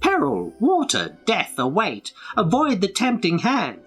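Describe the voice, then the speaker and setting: A man reading a storybook aloud while voicing an excitable, earnest young male companion in a high, breathy put-on voice. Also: soft background music, full character voice. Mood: reciting. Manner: chants the riddle slowly.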